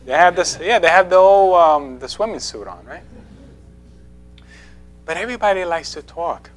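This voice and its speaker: A man's voice: high-pitched, expressive, normal speed, faint music behind. A man giving a conversational sermon in a church, playful, asking the congregation questions and laughing often. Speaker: preacher. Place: church sanctuary.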